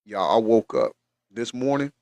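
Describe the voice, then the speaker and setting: A man's voice: mid-range voice, normal speed, darkish tone, dry recording. A middle-aged man, hosting a casual livestream, earnest and emotional, repeating phrases for emphasis and choking up at times. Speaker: livestream host.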